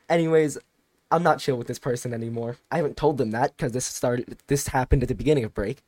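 A teenage guy recounting a story on a podcast, rambling and animated, stopping and restarting mid-sentence. His voice sits at a middle pitch, and the recording is dry and close, with no room sound. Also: quick pace, no echo. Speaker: podcast co-host. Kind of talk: casual storytelling chat.

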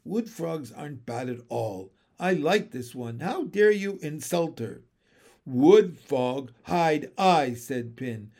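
A stubborn male frog prince from a storybook, dropping his words in slow, clipped, broken bursts, as a man reads him aloud. His voice sits a touch high and swings widely. The lines come out plodding and blunt. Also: lively intonation, a little mellow, heavily acted.

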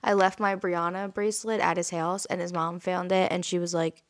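A woman's voice: lowish voice, level tone, normal speed. A young woman co-hosting a podcast in casual chat, laughing often and swearing freely. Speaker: podcast co-host.

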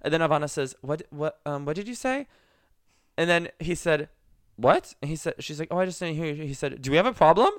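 A young man co-hosting a podcast, telling a story in a rambling, animated way with lots of likes and laughs. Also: on the high side, brisk, smooth, no echo, studio quality. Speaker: podcast co-host. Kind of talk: casual storytelling chat.

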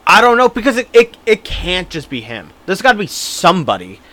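A man's voice: sits high, huge pitch swings, a little fast, bright, forceful tone. A young man co-hosting a podcast in easygoing, hesitant casual chat. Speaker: podcast co-host.

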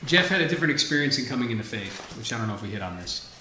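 A man co-hosting a casual faith talk, animated and candid, with casual swearing. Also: mid-range voice, racing, echoey room, faint music behind. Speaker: podcast co-host.

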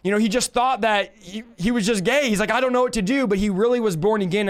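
A man sharing his personal conversion testimony on a live stream, telling it in an animated, earnest way and acting out the dialogue he quotes. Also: sits high, fast. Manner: emotional, earnest.

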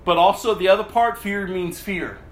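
A man preaching a sermon as pastor, animated, laughing often and mimicking whiny voices. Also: high-pitched, moderate pace, roomy sound, poor audio.

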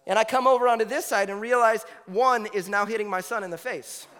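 A man in his thirties preaching a sermon, telling a story in a lively, conversational way with lots of asides. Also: high-pitched, brisk. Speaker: pastor. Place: church hall. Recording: reverberant hall with faint music.

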